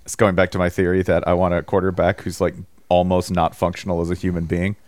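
Guy with a lowish voice cracking jokes, dead dry sound. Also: completely flat delivery, fast, a little mellow, no room sound. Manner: joking, laughs often. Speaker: podcast co-host. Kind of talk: casual chat.

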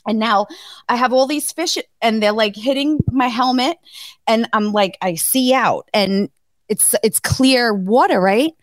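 A woman with a somewhat high voice tells lively stories on a podcast, swearing freely and laughing often. The sound is dry and close, with no room echo. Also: a little slow. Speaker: podcast co-host. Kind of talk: casual chat.

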